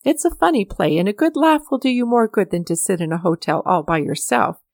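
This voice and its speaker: A kindly old poet, chatty and eager to please his young guest, as a woman narrator puts him on. His lines run a little higher and livelier than the surrounding narration, heard in a dry, close storybook recording. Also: big pitch swings, brisk, vocal fry, no room sound. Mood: genial. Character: genial elderly male poet, warm host.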